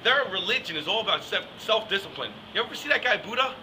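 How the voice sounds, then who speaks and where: A man's voice: sits high, sing-song, fast, noisy background. A young man, rambling through a casual comic rant with many "like"s and "I mean"s. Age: young adult. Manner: rambling, joking, full of "like" and "I mean". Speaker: yeshiva student comic.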